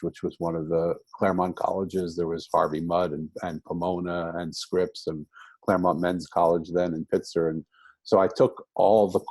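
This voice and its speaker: A man's voice: deep voice, darkish tone, slightly rough, no room sound. An older man, a rabbi, telling his life story in an interview, reflective and rambling with many restarts. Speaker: guest, rabbi.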